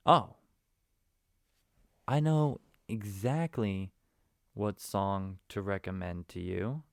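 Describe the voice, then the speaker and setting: A man hosting a casual solo podcast, rambling along and breaking into sudden loud, emphatic bursts. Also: fairly low pitch, takes it slowly, creaky, no echo. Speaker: podcast host.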